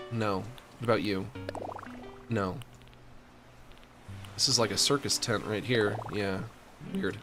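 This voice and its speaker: A man streaming a video game, chatting casually to himself and the characters as he decorates a room. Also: medium pitch. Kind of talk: casual gameplay commentary.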